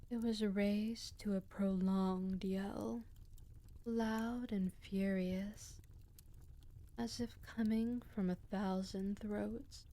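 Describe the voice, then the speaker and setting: A woman reading folk tales aloud as a storyteller, in a slow, hushed voice that often drops to a half-whisper. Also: mid-range voice.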